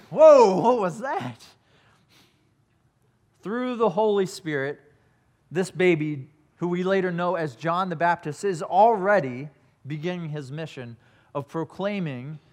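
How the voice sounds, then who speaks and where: A man preaching a sermon, telling a scripture story earnestly and reading verses aloud. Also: a little high. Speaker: pastor.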